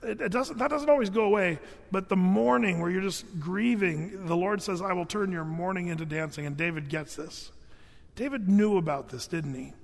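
A man's voice: fairly high pitch, vocal fry, big-room sound. A man giving a conversational, earnest sermon as a pastor, with frequent fillers and restarts.

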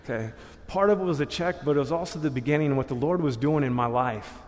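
A man's voice: mid-range voice, quick pace. A man giving a church testimony in a loose, casual storytelling way, full of slang and laughing at himself. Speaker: guest speaker sharing testimony. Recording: long hall reverb.

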